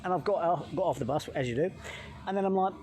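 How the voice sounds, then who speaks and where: A middle-aged man from England, a health coach vlogger telling a travel story in a swearing, animated way, talking into a phone outdoors by a hotel pool. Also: sits high, fast talker.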